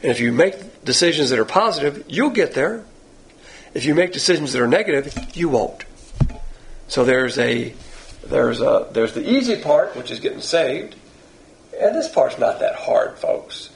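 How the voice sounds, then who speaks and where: Guy preaching a sermon, gravelly voice, pitch jumping all over, blunt and pushy with lots of questions. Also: big pitch swings, normal speed, slight background noise. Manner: emphatic, blunt, with rhetorical questions; pointed, confrontational preaching. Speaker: Bible teacher.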